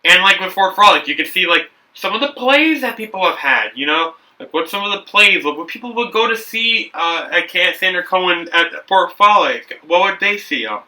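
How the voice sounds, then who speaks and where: Rambling young man, bright voice, off-mic. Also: high voice, animated, moderate pace, hardly any pauses, distant mic, poor audio. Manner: rambling, self-correcting, upbeat. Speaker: brick builder and video host. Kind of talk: casual talk while building.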